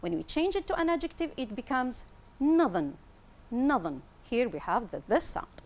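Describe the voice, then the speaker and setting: A woman teaching an English lesson on television, explaining slowly and clearly and repeating words for pronunciation. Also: high voice, sing-song. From Tunisia.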